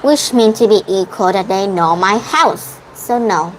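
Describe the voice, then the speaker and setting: A young woman learning English speaks in a middling voice, pausing and restarting as she works through her arguments. Her first language is Vietnamese, and her debate answers come with a faint hiss of noise behind them. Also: medium pitch, lively intonation, poor audio. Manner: hesitant, restarts and self-corrections. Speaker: English student. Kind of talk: debate practice in an online lesson.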